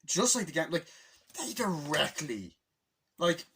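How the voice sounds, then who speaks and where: A man giving a casual movie review, rambling excitedly and swearing as he retells scenes. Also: fairly high pitch, measured pace, a little hiss or hum.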